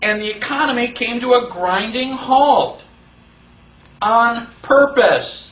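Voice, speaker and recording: A man teaching a class in a lively lecture, asking the room questions and acting out the people he quotes. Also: extremely high pitch, slow. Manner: animated, rhetorical questions, acts out quoted voices. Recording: echoey room, voice from far off.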